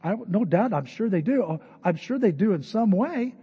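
Older man, pastor, preaching, storytelling delivery, high-pitched, mellow husky voice, church hall, long reverb, dull lo-fi sound. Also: animated, normal speed. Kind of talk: sermon.

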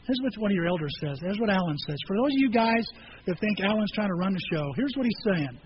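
Pastor with a high voice, preaches to his church and acts out scenes in different voices, muffled recording with faint hiss. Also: animated, fast. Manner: storytelling, acting out conversations with voices. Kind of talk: sermon.

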